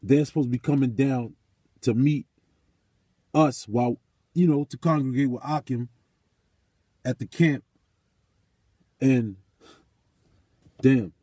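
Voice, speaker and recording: A man with a husky, mellow voice tells a story in a vlog and drifts into preaching. He talks emphatically, swears freely and repeats his points. The sound is close and dry. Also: mid-range voice, slow, pauses often, dry recording. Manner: emphatic, profane, repeats phrases. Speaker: vlogger.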